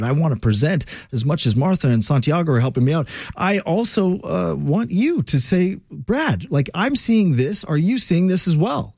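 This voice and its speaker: A male talk radio host rants in a lively, swooping voice that sits a little high. He talks casually and opinionatedly, with filler words. The sound is dry and close, like a studio. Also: no room sound. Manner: animated, ranting, conversational with fillers.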